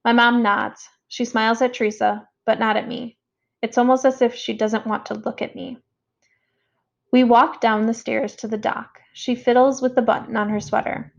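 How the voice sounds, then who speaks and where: Woman audiobook narrator, first-person story, gravelly, slightly high voice, dull lo-fi sound. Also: steady tone, normal speed.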